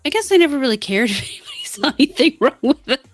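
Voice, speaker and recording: An easygoing woman talks casually on a livestream, her pitch rising and falling a lot. The sound is dry and close, with faint music underneath. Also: very animated, quick pace, no echo. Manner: easygoing, calls herself a homebody.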